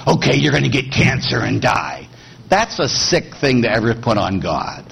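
A middle-aged man, a priest, preaching a sermon in a lively, teasing way and putting questions to the congregation. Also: medium pitch, husky, low-quality recording. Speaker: Catholic priest.

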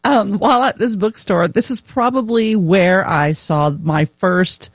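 A woman co-hosting a podcast in casual chat, telling stories with frequent laughs and quick asides. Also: medium pitch, dry recording, poor audio. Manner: chatty, laughing storyteller. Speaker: podcast co-host.

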